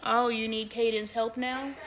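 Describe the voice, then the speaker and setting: A woman's voice: a little high, level tone, normal speed, a crowd in the background. A woman in her thirties talking casually to camera in her home kitchen, chatting with viewers and scolding her kids between asides. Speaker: family vlogger. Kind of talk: casual vlog talk to camera.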